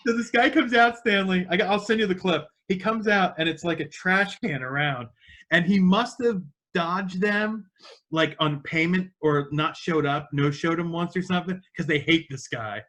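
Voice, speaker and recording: A man hosts a casual podcast with a bright, ringing tone. He tells stories excitedly and swears freely. His voice sits a bit higher than most men's. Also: moderate pace. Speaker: podcast host.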